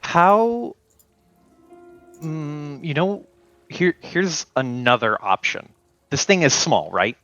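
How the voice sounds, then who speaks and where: A man's voice: on the high side, big pitch swings, takes it slowly, bright, forceful tone, soft background music. A man playing a tabletop game, brainstorming plans and thinking aloud in casual chat.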